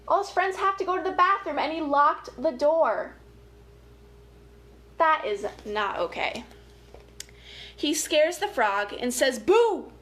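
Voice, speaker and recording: High, unhurried storytime reader. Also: female voice, lively intonation. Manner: gentle, playful, chatty asides to young listeners. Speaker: family educator. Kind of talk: reading a picture book aloud to children.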